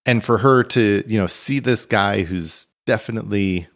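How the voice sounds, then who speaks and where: Low-voiced man telling a story. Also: normal speed. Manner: rambling storyteller, retells anecdotes with many fillers. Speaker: podcast co-host. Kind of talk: casual podcast chat.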